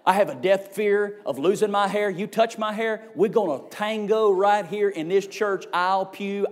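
A high-pitched man with a drawl delivers a storytelling sermon. He talks in a folksy, emphatic way, leaning on comic exaggeration to land his points. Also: normal speed, hardly any pauses. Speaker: revival preacher.

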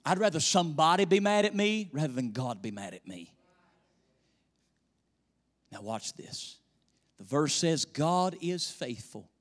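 A male pastor preaching a sermon in a church, swinging between loud emphasis and hushed near-whispers. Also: fairly high pitch, a little slow, long pauses. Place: church sanctuary. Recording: echoey church hall reverb.

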